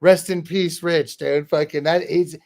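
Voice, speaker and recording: A man's voice: on the high side, steady tone, a little slow, creaky, darkish tone. A man hosting a podcast, telling stories in a rambling, profane way, full of "bro" and "dude". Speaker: podcast host and rapper. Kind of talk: casual storytelling chat.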